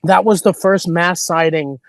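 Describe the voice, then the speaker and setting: A man's voice: sits high, fairly even intonation, a little slow, no room sound. A male comedian chatting as a podcast guest, telling rambling stories and acting out what people said. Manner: rambling storyteller, acts out quotes. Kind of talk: casual podcast chat.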